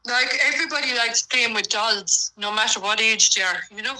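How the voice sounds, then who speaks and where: A woman's voice: a little high, normal speed, pushed and bright, low-quality recording. A woman calling in to a casual chat, chatty and agreeable. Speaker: guest caller.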